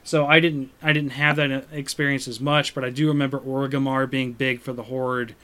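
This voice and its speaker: A man hosting a casual chat about games over an online call, relaxed and chuckling often. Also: medium pitch, moderate pace. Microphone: video call. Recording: online call, connection glitches.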